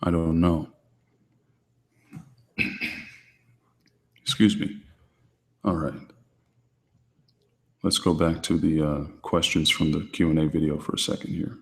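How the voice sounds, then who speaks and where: A man hosting his channel, answering viewer questions in a calm, deliberately quiet, restrained way. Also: extremely low pitch, long reverb tail. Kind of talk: low-key livestream chat.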